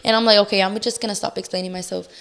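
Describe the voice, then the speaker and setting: A young woman speaking as a guest in a relaxed interview. Her voice sits in a middle pitch, and she tells things candidly and with animation, peppering her sentences with "like." She acts out her own past reactions as she goes. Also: very fast, gravelly. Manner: candid, animated storytelling with many "like"s and re-enacted outbursts. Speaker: podcast guest. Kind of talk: casual interview chat.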